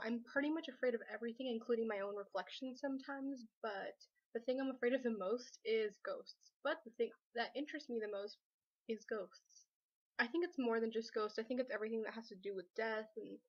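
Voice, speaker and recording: A woman's voice: on the high side, muffled recording. A young woman from Southern California chatting to camera in her bedroom, rambling with many fillers. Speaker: vlogger. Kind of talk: casual chat to camera. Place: bedroom at home.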